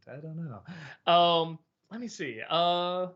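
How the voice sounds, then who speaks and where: Hesitant, lively-voiced man musing on a stream. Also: a little high, normal speed, faint music behind. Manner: musing, hesitant, many ums and restarts. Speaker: host. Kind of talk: casual live-stream Q&A.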